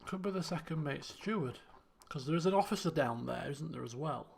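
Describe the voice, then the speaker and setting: A man's voice: fairly high pitch, animated, a little fast, vocal fry, slightly rough. A man giving casual live-stream commentary while playing a game, chatting and thinking aloud as he works through puzzles.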